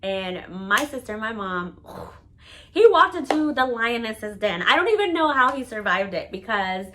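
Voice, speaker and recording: A woman's voice: a little high, very animated, a little slow, noisy background. A woman vlogger telling a personal story in a casual, candid monologue. She swears freely and fills her talk with "like.". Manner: candid and profane, with many "like" fillers.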